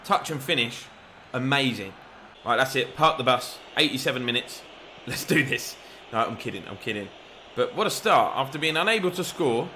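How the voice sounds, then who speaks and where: Bright-voiced man calling a football game. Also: medium pitch, moderate pace, a little hiss or hum. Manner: excitable, shouts at the referee. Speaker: gaming YouTuber. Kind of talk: game commentary.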